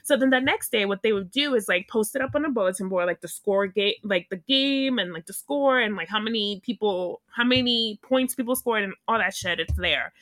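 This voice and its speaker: A woman co-hosting a casual podcast chat, telling animated stories, swearing freely and acting out what people said, sniffly with a cold. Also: mid-range voice, a little fast, hardly any pauses, no room sound. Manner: animated storytelling, swears freely, acts out quotes. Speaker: podcast co-host.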